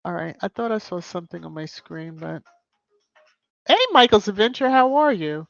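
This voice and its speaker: A woman's voice: fairly low pitch, expressive, normal speed, gravelly, no echo, dull audio. A woman hosting a casual live stream, greeting viewers by name and making emphatic asides. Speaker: YouTube live-stream host. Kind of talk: casual live-stream chat reading comments.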